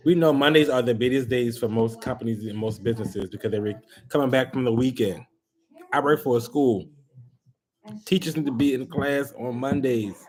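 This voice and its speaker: This is casual live-stream chat from a Baltimore man with a mid-range voice and moderate pace. He rants to viewers with animated exasperation.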